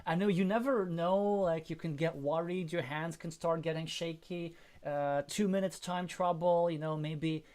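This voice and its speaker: A man's voice: fairly high pitch, fairly even intonation, moderate pace, hardly any pauses, a little mellow. A man hosting live commentary of an online board game match, chatty and speculative, often stumbling and restarting his words. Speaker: host and commentator.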